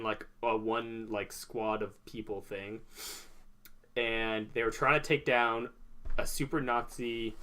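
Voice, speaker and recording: Rambling young man telling stories. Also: medium pitch. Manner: rambling, animated storyteller full of "like" and "um". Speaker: podcast co-host. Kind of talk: casual chat.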